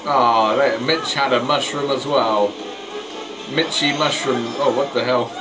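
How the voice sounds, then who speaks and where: Over game music, a gameplay commentator jokes at his own mistakes while racing online, stumbling over words in casual let's play style. His mid-range voice moves a little slowly, and the audio is poor.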